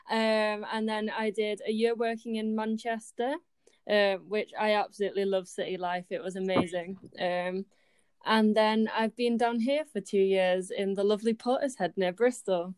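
A woman's voice: medium pitch, steady tone, moderate pace, a little mellow, smooth, no room sound, studio quality. A woman in her twenties from Yorkshire, a student chatting as an interview guest, with frequent ums and easy laughter. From Yorkshire, England. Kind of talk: casual interview chat.

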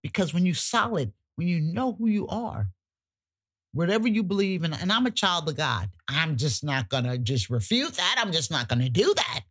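A woman co-hosting a podcast, talking emphatically and colloquially, sometimes cussing, her pitch jumping high when she gets worked up. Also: big pitch swings, moderate pace, a bit bright, husky. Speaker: podcast co-host. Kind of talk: casual podcast chat.

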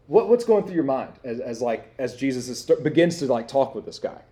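This young campus minister speaks a little fast in a mellow, animated, mid-range voice. Preaching to students, he keeps it conversational, poses questions to them, and repeatedly says "like" and "right?"

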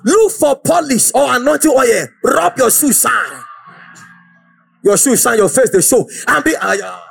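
Preacher man, real high voice that swings all over, shouts a lot. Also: expressive, measured pace, creaky, husky, soft background music. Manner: fiery, exhorting, often shouting. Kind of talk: sermon.

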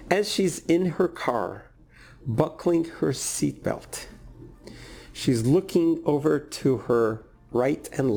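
A man preaching a sermon and telling a story, speaking slowly and emphatically with deliberate pauses. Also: fairly high pitch, creaky, a little mellow.

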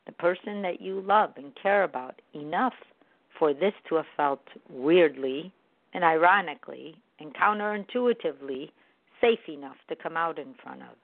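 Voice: medium pitch, lively intonation, normal speed, gravelly, no echo. A speaker giving an earnest, reflective monologue on forgiveness, walking through how to apologize. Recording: tinny phone-like line, dry.

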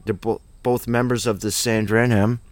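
A man's voice: fairly low pitch, little pitch movement, moderate pace, no echo. A man teaching a Bible study in an informal, rambling, emphatic way, full of asides and rhetorical questions.

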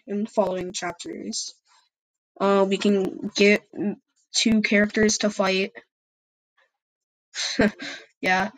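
A woman's voice: mid-range voice, rough recording. A young woman signing off a fan story podcast in casual chat, rambling with lots of ums. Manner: rambling, many ums, giggly.

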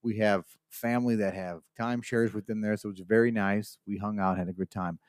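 A man's voice: lowish voice, steady tone, fairly quick, no room sound, clean studio sound. A man co-hosting a casual podcast chat, telling a rambling anecdote and acting out the people in it. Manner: rambling storyteller, acts out the people in his story. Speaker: podcast co-host. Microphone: studio mic.

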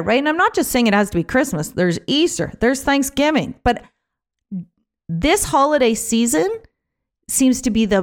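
A woman talking casually on her own podcast, chatty and animated, with many fillers and restarts, sometimes acting out other people's voices. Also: fairly high pitch. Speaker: podcast host. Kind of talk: casual solo podcast talk.

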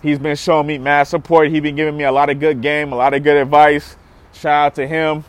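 A man's voice: a little high, flat delivery, fairly quick. A young man hosting his podcast outdoors in a city square, hyped and emphatic, repeating himself as he talks. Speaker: podcast host. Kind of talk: casual podcast monologue.

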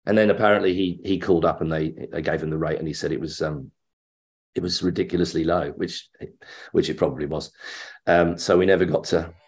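A man's voice: low voice, fairly quick. A middle-aged man from England, an actor being interviewed, telling an anecdote and acting out the voices in it. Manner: animated storyteller acting out quoted voices.

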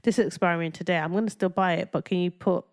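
Woman cohosting a chatty podcast, animated and kinda exasperated, voice jumps up on quotes. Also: quick pace. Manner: animated, exasperated, jumps higher when quoting. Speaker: podcast co-host. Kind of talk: casual chat.

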